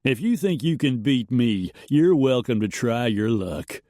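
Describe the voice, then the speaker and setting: Male narrator voicing a cocky gunman, sneering and taunting, lively delivery. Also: medium pitch, measured pace, dry recording, studio quality, pitched above the performer's own voice, lightly acted.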